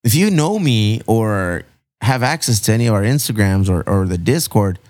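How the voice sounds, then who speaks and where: Male podcast host, animated and playful, lively delivery, dry close mic, mixes in Spanish. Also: fairly low pitch, moderate pace, no echo. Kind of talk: casual podcast chat.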